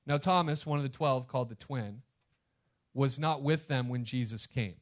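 A male pastor preaching a sermon, talking to the congregation directly and emphatically, swinging between loud punches and hushed asides. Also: medium pitch, moderate pace.

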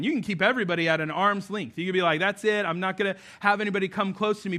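A man's voice: sits high, a bit bright. A man preaching a sermon to his church, in an earnest, conversational way with touches of humor. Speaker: pastor. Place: church service before a congregation.

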